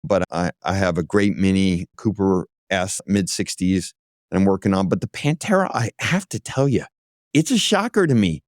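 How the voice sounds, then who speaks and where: A man, an auto executive, is a guest on an interview show, telling lively stories and acting out other people's voices. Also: low-pitched, normal speed, dry recording, studio quality. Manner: lively anecdote-teller who acts out other voices. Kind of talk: casual interview storytelling.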